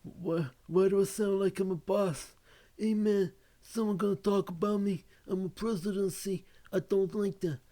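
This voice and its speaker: A man's voice: high-pitched, fairly even intonation, moderate pace, warm tone, voice pushed up, close to an everyday voice. A man doing a voice of a boastful male politician who talks in street slang, brash and swaggering.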